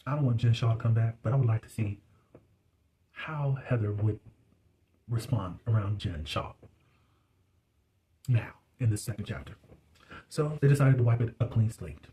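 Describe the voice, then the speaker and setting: A man recaps a reality show in a loose, gossipy style, laughing often and dropping words like "y'all". His voice is mellow and sits at a middle pitch. A faint ambience hums behind him. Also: moderate pace, long pauses, slight background noise. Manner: dialect words like "y'all" and "you be". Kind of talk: casual recap commentary.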